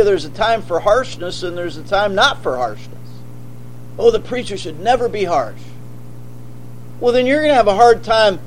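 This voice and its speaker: High-voiced emphatic male preacher. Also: a little hiss or hum, low-quality recording. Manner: forceful, emphatic preaching with rhetorical questions. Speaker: pastor. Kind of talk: sermon.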